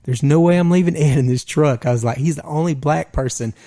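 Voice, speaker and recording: Podcast co-host, man, lively yarn-spinner with a slightly raised pitch, recorded dry and close. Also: a little fast, no echo. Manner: animated storyteller, voice jumps up when quoting himself. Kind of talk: casual storytelling chat.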